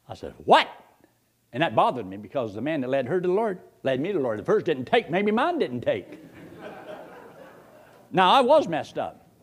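An older man, preaching a folksy storytelling sermon, his husky voice leaping high when excited and dropping low to quote others. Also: moderate pace, pauses often.

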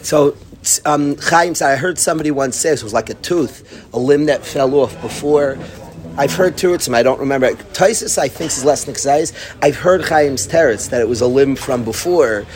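A man teaching an informal Talmud class, telling stories with lively energy and peppering his talk with yeshiva terms. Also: medium pitch, normal speed. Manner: animated storytelling, breaks into laughter and acts out his study partner; sprinkles Yiddish and Hebrew yeshiva terms.

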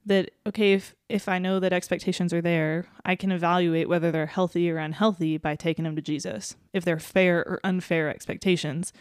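A woman co-hosting a casual faith podcast, earnest and quick to laugh, who reads scripture aloud. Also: lowish voice, steady tone, smooth, no room sound, clean studio sound. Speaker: podcast co-host.

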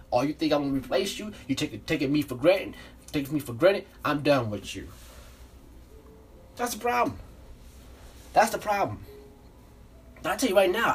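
A man's voice: fairly high pitch, slightly rough. A man hosting a podcast, delivering a blunt, profane, repetitive rant about breakups. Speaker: podcast host. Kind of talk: unscripted relationship rant.

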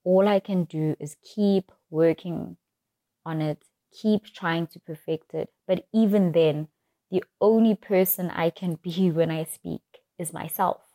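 A young woman hosting a podcast, speaking in a reflective monologue with careful, deliberate enunciation. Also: fairly low pitch, warm tone, no echo, studio quality. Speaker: podcast host.

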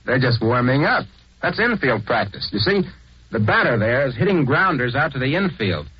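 A brisk, wry man narrating a 1940s radio program. His voice is husky and sits at a middle pitch. The recording is dull and lo-fi. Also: very animated, no echo.

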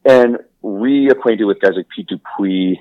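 A male podcast co-host talking in a relaxed, swear-sprinkled chat. His voice sits very low, and he laughs easily as he goes. The sound is close and dry, with no room around it. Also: a little slow, dry recording, phone-quality sound. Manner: laughing, enthusiastic, swears freely. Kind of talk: casual chat.

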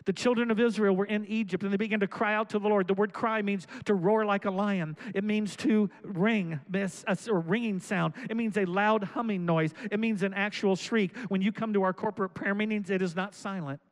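A man preaching a sermon, reading scripture aloud and commenting on it, and building up to shouted calls to the congregation. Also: sits high, steady tone, brisk, few pauses, low-quality recording. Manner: preaching with rising, shouted exhortations. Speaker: pastor.

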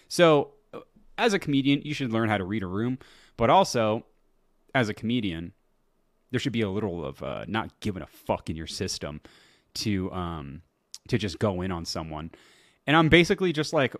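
A man's voice: lowish voice, sing-song, moderate pace, no room sound, clean studio sound. A man hosting his own podcast, chatting loosely and laughing at his own stories, with lots of swearing. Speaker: podcast host. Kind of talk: casual solo podcast talk.

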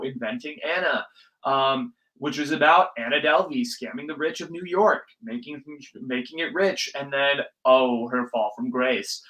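A man's voice: fairly high pitch, pushed and bright, low-quality recording. A young man hosting his podcast aftershow in a casual, rambling, profane rant, sniffly from allergies. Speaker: podcast host.

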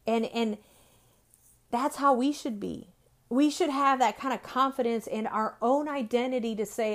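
Earnest woman in her forties, higher voice. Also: moderate pace. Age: 40s. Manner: earnest, repetitive, with frequent "right?" tag questions. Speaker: Christian speaker. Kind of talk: faith-based motivational talk.

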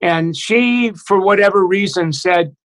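High-voiced man telling his story haltingly. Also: fairly bright tone, low-quality recording. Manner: halting, many restarts and fillers, reflective. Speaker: guest. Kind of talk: personal recovery story in conversation.

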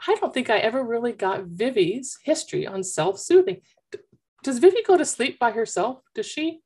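A woman coach talking with parents in an animated, chatty storytelling way, through a headphone mic. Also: a little high, moderate pace, husky. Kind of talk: consultation with parents.

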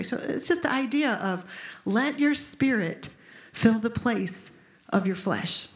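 A woman's voice: on the high side, animated, slow. A woman in her fifties preaching a conversational, emphatic sermon as pastor. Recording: echoey room.

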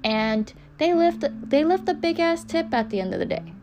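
Music plays beneath a young woman hosting a podcast as she gives an open, casual motivational talk, full of swearing and repeated phrases for emphasis. Her high-pitched voice has a sing-song lilt at a moderate pace.

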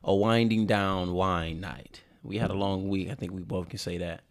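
Low-voiced laid-back man podcasting. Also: fairly even intonation, moderate pace. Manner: laid-back, rambling, laughs often. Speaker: podcast co-host. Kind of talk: casual chat.

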